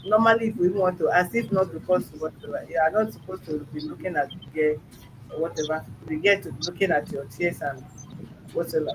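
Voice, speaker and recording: Male mediator, high voice, firm and probing, traffic noise behind. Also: fairly quick. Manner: firm, probing, repeats questions. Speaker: mediator host. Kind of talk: questioning a child in a family dispute.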